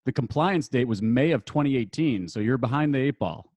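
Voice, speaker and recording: A man's voice: medium pitch, expressive, fairly quick, a little mellow, no room sound. A man, an attorney and marketer guesting on a podcast, explaining rules in a loose conversational way with many fillers and restarts.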